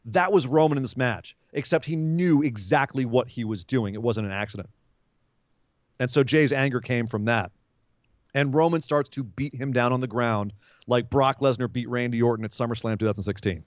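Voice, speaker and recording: Animated man recapping, dull dry sound. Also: medium pitch, normal speed, no echo. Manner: animated storytelling, acting out quotes. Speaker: wrestling podcast host. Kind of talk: casual recap commentary.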